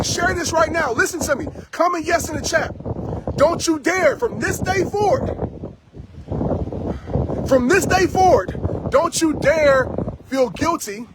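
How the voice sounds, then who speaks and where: A man's voice: very high-pitched, background noise. A man giving an intense, emphatic motivational talk to a live chat outdoors, repeating his key lines like a preacher. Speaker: motivational speaker. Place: outdoors after a trail run.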